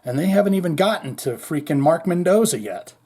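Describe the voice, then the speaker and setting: A man's voice: animated, fairly quick, dark tone, husky. Man, rambling metal news host, slangy and loose, raised voice. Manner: rambling, loose, slangy, mimics others in higher voice. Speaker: podcast host. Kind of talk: casual news commentary.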